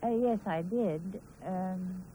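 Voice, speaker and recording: A woman's voice: on the low side, takes it slowly, warm tone, a little hiss or hum, low-quality recording. A woman from Wales, an actress answering interview questions hesitantly, with many "um"s and restarts.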